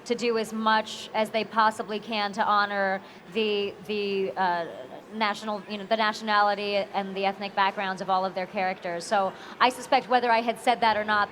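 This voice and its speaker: A woman voice actor answering fan questions at a convention panel, expressive and animated. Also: mid-range voice, a little hiss or hum. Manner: animated, expressive, quick to laugh. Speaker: voice actor guest. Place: convention hall.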